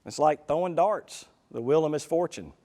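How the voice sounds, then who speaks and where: A man giving a lively, folksy talk to a live conference audience, with many quick asides. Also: a little high. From United States. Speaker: conference speaker. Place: conference hall. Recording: reverberant hall.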